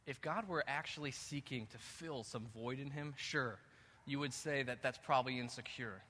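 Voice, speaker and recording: A male pastor preaching a sermon in a church, moving between calm teaching and loud, emphatic passages. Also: medium pitch, normal speed. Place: church sanctuary. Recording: echoey hall reverb.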